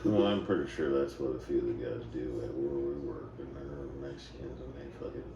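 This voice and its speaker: A man telling profane, animated stories in a casual chat among friends. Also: extremely low pitch, fairly quick, vocal fry, lo-fi sound, noisy background. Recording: echoey room, far from mic, crowd behind.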